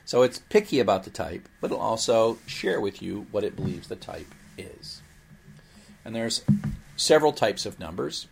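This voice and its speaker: A male instructor with a low voice and a gravelly, creaky edge talks through programming concepts in a recorded lecture. His delivery is explanatory and lively, with playful asides along the way. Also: moderate pace, noisy background.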